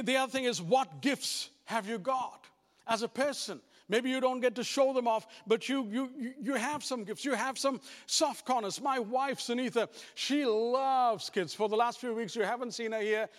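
A pastor preaching to his congregation, a man with a notably high voice. He talks straight at the room, repeating and restarting as he goes. The sound rings with the long reverb of a church hall. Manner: animated, repetitive restarts, addresses congregation directly. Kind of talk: sermon.

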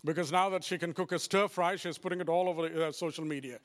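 A man preaching a sermon as a pastor, talking straight to his congregation with lively repeats and restarts. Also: a little high, fast talker, long reverb tail. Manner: animated, repetitive restarts, addresses congregation directly.

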